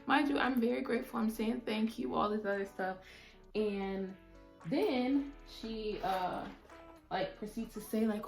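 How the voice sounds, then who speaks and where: A woman's voice: mid-range voice, a little slow. Chatty young woman in her 20s, storytime vlog, mid-range voice, faint music under it. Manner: animated and talkative, often saying "mind you" and "like". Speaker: beauty vlogger. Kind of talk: casual storytime chat while doing makeup.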